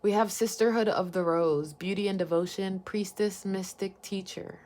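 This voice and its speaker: A woman with a mid-range voice reads tarot cards for her viewers. She talks in a loose, wandering way, thinking out loud and swearing casually. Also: medium pitch, fairly even intonation, normal speed. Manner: meandering, informal, musing aloud, swears casually. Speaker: tarot card reader. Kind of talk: intuitive pick-a-card reading.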